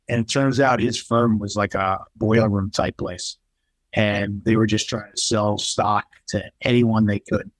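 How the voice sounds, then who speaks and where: A middle-aged man, a podcast guest telling his life story in a candid, animated way, acting out the people he quotes. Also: fairly low pitch, no echo, rough recording. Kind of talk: casual storytelling.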